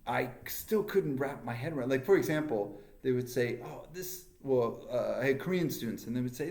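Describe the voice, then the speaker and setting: A man's voice: mid-range voice, animated, normal speed, vocal fry, hardly any pauses, a little mellow. A man with a Canadian accent, co-hosting a casual podcast chat. He tells long, rambling stories. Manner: rambling storyteller. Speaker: podcast co-host. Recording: echoey room.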